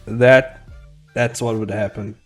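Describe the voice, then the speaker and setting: A man's voice: lowish voice, steady tone, slow pace, soft background music. A young man chatting casually with viewers while drawing his comic. He rambles, laughs a lot and swears freely. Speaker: comic artist streaming. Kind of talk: casual live-stream chat.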